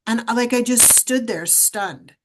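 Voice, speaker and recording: A middle-aged woman, a podcast guest, telling her story in an animated, emphatic way. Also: fairly high pitch, unhurried, noisy background. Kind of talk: storytelling interview.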